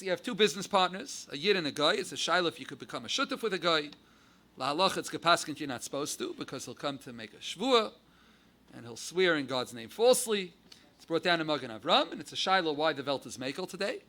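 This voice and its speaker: American rabbi, Yiddish-laced lecture, sharp, keen voice, lively build-ups. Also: male voice, high voice. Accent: American English with Yiddish and Hebrew terms. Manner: animated, rising emphasis on key words. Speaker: rabbi giving a Torah class. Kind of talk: halacha lecture.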